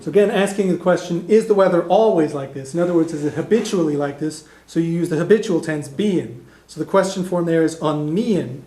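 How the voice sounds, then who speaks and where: A man teaching a beginner language class, explaining step by step and modelling phrases slowly so the class can repeat them. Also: on the high side, crowd noise. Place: community classroom in a heritage house. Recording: echoey classroom recording.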